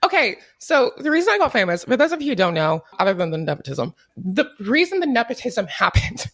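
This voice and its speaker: A young woman telling stories as an interview guest in casual chat, animated, laughing often and swearing freely. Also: fairly high pitch, a little fast. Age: young adult.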